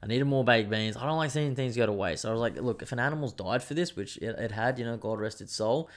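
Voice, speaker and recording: A man's voice: medium pitch, fast talker. A young adult man, hosting a podcast in a rambling, sweary, laid-back casual chat. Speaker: podcast host.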